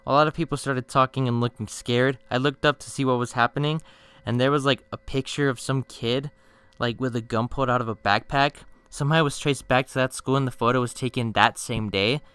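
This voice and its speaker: A young man telling funny stories on his channel in a slangy, swearing casual style, with bursts of mock-outraged yelling. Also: medium pitch, steady tone, brisk, smooth, dry recording. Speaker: storytime youtuber. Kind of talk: casual storytime narration.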